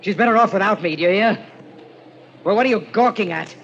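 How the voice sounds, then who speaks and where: A man's voice: medium pitch, sing-song, lightly acted. Guy doing a tormented husband, stammers a lot, swings all over, hissy old radio. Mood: frantic. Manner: halting, stammering, swinging to frantic. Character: haunted obsessed young husband, unstable. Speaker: lead in radio drama. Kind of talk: 1940s radio acting. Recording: dull old radio recording with hiss.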